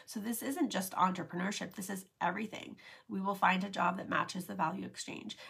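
A woman talks casually on a live stream, loose and chatty with plenty of "like" fillers. Her voice has a gravelly fry and a husky edge. Every so often she slips into a lively imitation of an imagined speaker. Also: on the low side. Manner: chatty, many "like" fillers, acts out quoted voices.

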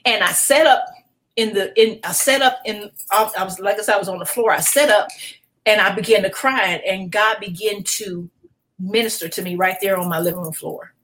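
Middle-aged woman pastor, podcast guest; emotional, animated testimony, frequent restarts. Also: mid-range voice, normal speed, low-quality recording. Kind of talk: personal testimony in a podcast interview.

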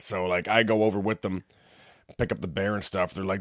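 Man, low voice, casual storytelling, acts out the people in his story, dry close sound. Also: brisk, no echo. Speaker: podcast co-host.

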